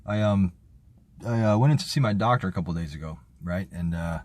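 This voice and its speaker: A man's voice: sits low, brisk, a little mellow, no echo. A man casually telling a personal story in a rambling way, with lots of fillers, restarts and casual swearing. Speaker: vlogger.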